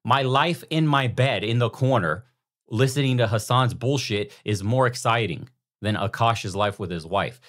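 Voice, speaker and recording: A man's voice: medium pitch, moderate pace, fairly bright tone, natural voice. A man voicing a laid-back male pet dog that talks in casual slang.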